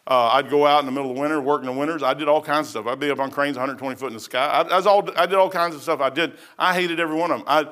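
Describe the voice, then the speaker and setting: A man's voice: fairly high pitch, rapid-fire, few pauses, fairly bright tone. A man preaching a sermon as pastor. He talks in a folksy, conversational way, repeats his phrases and often says "man".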